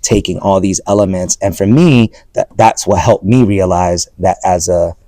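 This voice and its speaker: A man in his forties, a playwright and performer, talking casually in an interview, animated, with many restarts and fillers. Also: low-pitched, moderate pace, no room sound.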